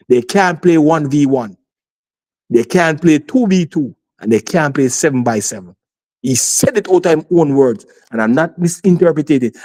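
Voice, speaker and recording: A man arguing heatedly on a sports talk show, insisting and repeating his points. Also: high-pitched. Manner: insistent, repeats himself, talks over others.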